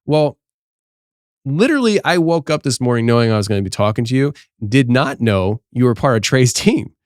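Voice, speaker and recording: A man's voice: mid-range voice, animated, fairly quick, dry recording, studio quality. A man hosting a podcast interview, asking long rambling questions with many restarts. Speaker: podcast host. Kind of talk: casual interview.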